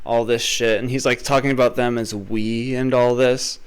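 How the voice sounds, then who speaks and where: A young man hosting a podcast, ranting profanely in a comedic way, with loud swearing outbursts that drop into muttered asides. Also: mid-range voice, little pitch movement, moderate pace, clean tone, low-quality recording. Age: young adult. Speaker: podcast host.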